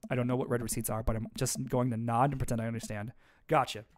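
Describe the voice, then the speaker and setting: A man streaming a dating game, reading a gentle dad's lines with playful asides. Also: medium pitch, flat delivery, quick pace. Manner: playful, reads a gentle dad role with asides. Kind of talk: let's-play commentary and dialogue reading.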